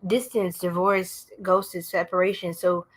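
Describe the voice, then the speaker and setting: A woman's voice: fairly low pitch, fairly even intonation, unhurried. A woman doing a casual live-stream tarot reading, chatting with viewers in a slangy, blunt way.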